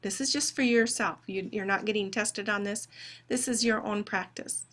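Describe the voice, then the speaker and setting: A woman phonetics instructor giving a recorded lecture, deliberately spelling out sounds and dictating test words. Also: mid-range voice, a bit bright.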